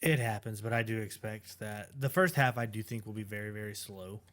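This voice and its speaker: A man's voice: fairly low pitch, fairly quick, a bit bright. A man co-hosting a casual fantasy football podcast, opinionated and trailing off into fillers. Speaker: podcast co-host. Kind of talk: casual sports chat.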